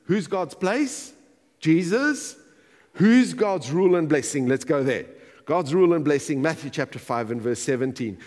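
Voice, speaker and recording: A man preaching a sermon as pastor, animated and emphatic, repeating key phrases for weight. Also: fairly high pitch, normal speed, in a large hall.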